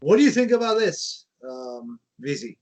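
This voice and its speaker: A man's voice: high voice, sing-song, normal speed. A man hosting a show, talking casually and directly to his viewers. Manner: conversational, addresses the audience. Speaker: host.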